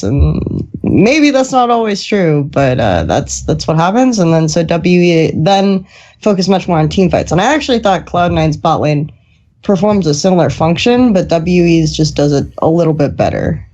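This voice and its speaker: A woman's voice: lowish voice, lively intonation, moderate pace, warm tone. Woman, esports analyst, thoughtful hedging talk, restarts, dull lo-fi sound. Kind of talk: casual panel discussion.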